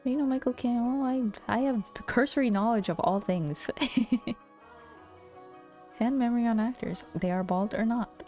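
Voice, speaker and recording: A woman's voice: on the high side, normal speed, warm tone, faint music behind. Playful young woman streamer, American accent. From Philippines. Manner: playful, laughs often, swears casually. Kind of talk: casual live-stream chat.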